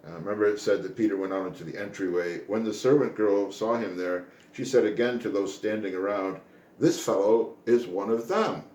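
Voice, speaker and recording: A man's voice: fairly low pitch, steady tone, a little fast, hardly any pauses, darkish tone, echoey room. A man from the United States giving an earnest, reflective daily Bible devotional, pressing hard on his key points. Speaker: Bible teacher.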